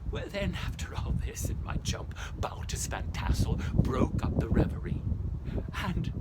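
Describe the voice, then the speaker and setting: A male storyteller performing as an old, love-lorn schoolmaster, Ichabod Crane, telling the tale in a theatrical first-person style that drops into hushed whispers. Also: on the high side, sing-song, unhurried. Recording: noisy background hiss.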